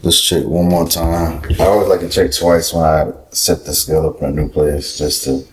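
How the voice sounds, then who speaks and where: A young man with a deep, low voice chats casually to his camera, easygoing and explaining each step. The room rings with echo, and a faint hiss sits underneath. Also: level tone, normal speed. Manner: easygoing, chatty, explains as he goes. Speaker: bodybuilder vlogger. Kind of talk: casual vlog talk to camera. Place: indoor room away from home. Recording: echoey room.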